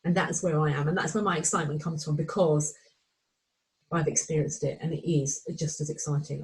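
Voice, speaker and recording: A middle-aged woman coach walking listeners through a course module, animated and excitable, often acting out inner voices. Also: sits low, fairly quick, poor audio. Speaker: menopause anxiety coach. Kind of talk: recorded course walkthrough.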